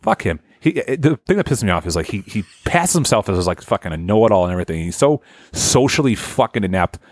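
A man's voice: on the low side, big pitch swings, quick pace, dry recording, studio quality. A man co-hosting a podcast, talking heatedly and mockingly with lots of swearing. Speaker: podcast co-host. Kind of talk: casual chat.

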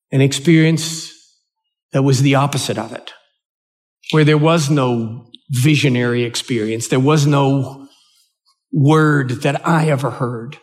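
An older man with an American accent, preaching a sermon and telling a personal story in an earnest, halting way, often restarting his words. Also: mid-range voice. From United States. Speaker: pastor.

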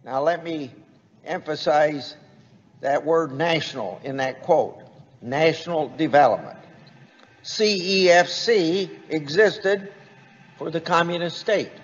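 A slow, deliberate man delivers a formal speech in a large chamber. His fairly high voice carries a long reverb, and the recording sounds dull and lo-fi. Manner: slow, deliberate, reading quotes aloud. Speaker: senator giving a speech.

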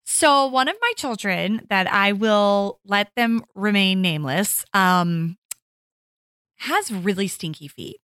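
A middle-aged woman co-hosting a podcast, telling animated stories and acting out her own quotes in a casual chat. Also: mid-range voice, takes it slowly, clear, resonant tone, no echo. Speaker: podcast co-host.

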